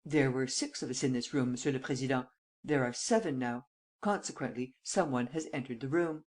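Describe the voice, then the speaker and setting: Brief: a reader playing a composed chief detective, a man, dry and deliberate, pitched slightly low. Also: natural voice. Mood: cool. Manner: calm, measured, dry. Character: calm, cool French chief detective, man.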